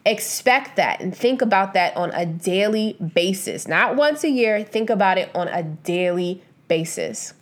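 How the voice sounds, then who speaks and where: A woman's voice: mid-range voice, expressive, measured pace, hardly any pauses. A woman vlogger talking casually and earnestly to her viewers, giving motivational money advice with emphatic repetition and frequent restarts. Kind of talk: casual motivational talk to camera.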